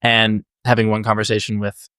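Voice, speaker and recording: A man hosting a casual interview podcast, talking in a relaxed, rambling way and repeating words as he thinks. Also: fairly low pitch, a little fast, clean tone, no room sound, clean studio sound. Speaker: podcast host.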